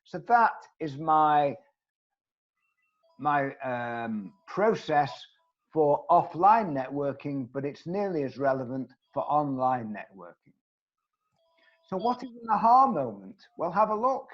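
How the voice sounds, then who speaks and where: A man's voice: fairly high pitch, very animated, slow pace, highs cut off. A man giving a networking training session on a video call, speaking earnestly and putting questions straight to his audience. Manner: earnest, emphatic, asks the audience direct questions. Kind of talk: online training presentation.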